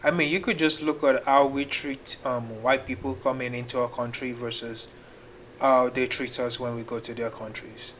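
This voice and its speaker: A man's voice: mid-range voice, steady tone, normal speed, fairly bright tone, slight background noise. A man hosting a reaction video, arguing back in an exasperated tone and restarting his sentences as he thinks aloud. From Nigeria. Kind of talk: ranting reaction commentary.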